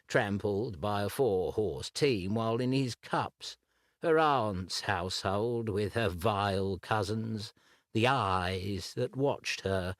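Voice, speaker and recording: A man's voice: on the low side, no room sound, studio quality. A man voicing a timid, grief-stricken young man who halts and stammers. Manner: slow, halting, stammering.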